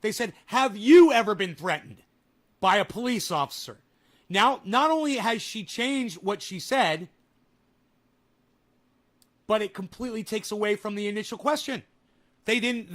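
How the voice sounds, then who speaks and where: High-voiced ranting male streamer. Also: fairly bright tone. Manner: angry, mocking, swears heavily, talks to chat. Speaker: streamer reacting to clips. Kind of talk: profane live-stream rant.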